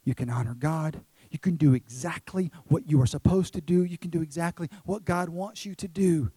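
A man's voice: a little high, normal speed, mellow, slightly rough, no echo. A man preaching a sermon as pastor, emphatic, with repeated phrases and rhetorical questions to the congregation.

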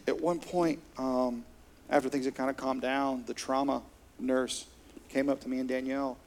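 A man's voice: mid-range voice, flat delivery, moderate pace. A middle-aged man, preaching a sermon as pastor in an earnest, conversational way. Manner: earnest, conversational, with soft laughs.

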